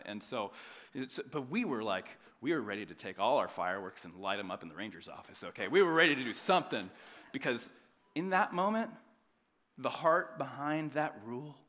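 A man in his thirties preaching a sermon, telling a family story with jokes and swinging between loud emphasis and quiet asides. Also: mid-range voice. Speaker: pastor.

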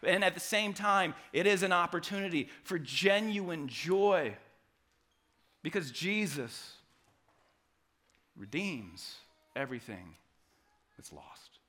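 Male pastor preaching a sermon; bright, slightly high voice, shifts between hushed and loud. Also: lively intonation, slow, long pauses. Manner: dynamic preaching, drops to soft quiet passages and rises to loud acted quotes.

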